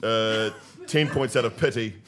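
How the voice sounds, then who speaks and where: A man keeping score on a comedy podcast, laid-back and full of hesitations, over loud background noise. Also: on the low side, unhurried. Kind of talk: casual comedy banter.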